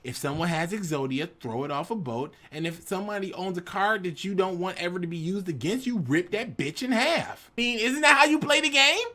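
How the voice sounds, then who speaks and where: Animated man telling a story. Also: high-pitched, fairly quick, hardly any pauses. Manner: animated, switches into dramatic voices for quotes. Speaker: YouTube storyteller.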